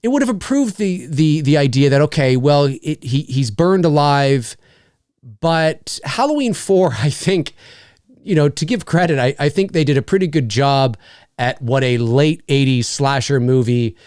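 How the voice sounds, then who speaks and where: A man's voice: on the high side, unhurried, clean tone, dry recording, studio quality. A middle-aged man in casual chat as host, telling stories with lots of restarts and laughs. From Canada. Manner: animated storyteller, many restarts and laughs.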